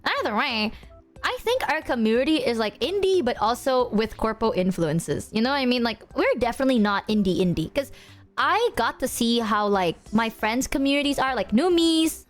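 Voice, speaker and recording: High, bouncy young woman streamer. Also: lively intonation, normal speed, soft background music. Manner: bubbly, swears freely, laughs often. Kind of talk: casual stream chat.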